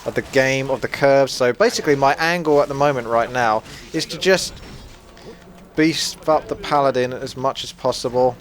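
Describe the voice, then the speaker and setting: A man's voice: mid-range voice, normal speed, slight background noise. A young man with a mixed British accent giving playful, self-mocking, chatty commentary over a strategy game. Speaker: gaming commentator. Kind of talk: casual gameplay commentary.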